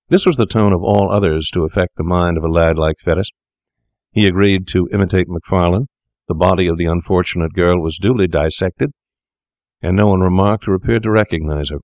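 A man narrates a classic story in a measured, formal way. His voice sits very low. The recording is dry and close, with no room sound. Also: darkish tone, dry recording. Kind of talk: scripted audiobook narration.

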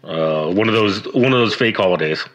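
A man's voice: lowish voice, expressive, a little fast, a bit bright. A man interviewing a guest in casual chat, asking questions and reacting often. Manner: encouraging, frequent short reactions. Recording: dull lo-fi sound.

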